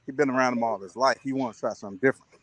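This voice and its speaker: A man's voice: rapid-fire, a bit bright. A man chatting casually on a livestream, telling stories with lots of laughter and playful impressions of his friends. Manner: laughing storyteller, mimics friends in a high voice. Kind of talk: casual chat.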